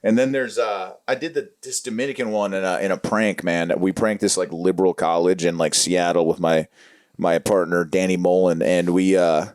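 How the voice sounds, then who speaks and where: A man's voice: low voice, fairly even intonation, normal speed, a little mellow, no echo, clean studio sound. A young man from Los Angeles, a podcast guest in casual chat, laid-back and slangy, trailing off with fillers.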